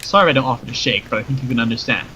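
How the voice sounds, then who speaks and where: A man's voice: mid-range voice, racing, bright, forceful tone. A man voicing a wry, chatty male rattlesnake who grants wishes, in a dull lo-fi recording with faint noise. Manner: chatty, joking, matter-of-fact.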